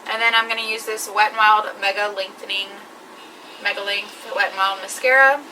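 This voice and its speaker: A woman's voice: medium pitch, steady tone, normal speed, recorded from a distance, background noise. A woman talking through her makeup routine step by step in a chatty vlog. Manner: chatty, explains each step. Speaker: beauty vlogger. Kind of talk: makeup tutorial.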